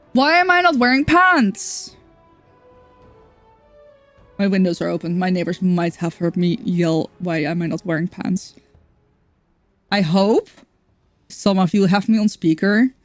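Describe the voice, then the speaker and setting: A woman streaming a game in casual chat, chatty, excitable and self-mocking. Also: lowish voice, a little slow, long pauses, no room sound, faint music behind.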